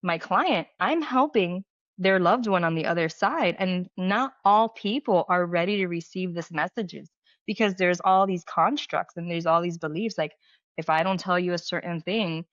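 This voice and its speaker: A middle-aged woman, a medium and healer appearing as a podcast guest, tells stories in a casual interview with a lowish voice at a moderate pace. She's chatty, uses "like" constantly, and acts out quoted dialogue. The sound is dull, lo-fi and dry, with no echo.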